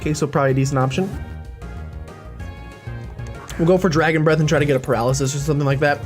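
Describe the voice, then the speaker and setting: A let's-play commentator talking through a video game run in a quick, chatty, playful way. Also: medium pitch, fairly even intonation, soft background music.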